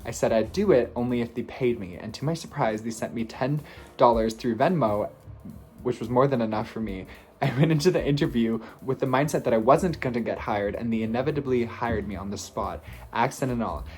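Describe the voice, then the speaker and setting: A man hosting a video, reading posts aloud and reacting to them expressively, swinging between playful and hushed. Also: mid-range voice, a little fast, faint music behind. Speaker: video host.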